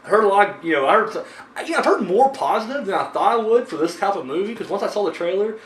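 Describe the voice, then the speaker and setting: Hosting a horror movie review show, a man chats and rambles casually, heavy on fillers and swearing. His voice sits high and a bit bright, animated and quick, picked up from a distance in an echoey room with faint noise.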